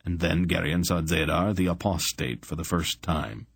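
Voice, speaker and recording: A man narrating a fantasy audiobook in a measured, dramatic way. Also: low voice, vocal fry, slightly rough, no room sound. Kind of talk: scripted narration.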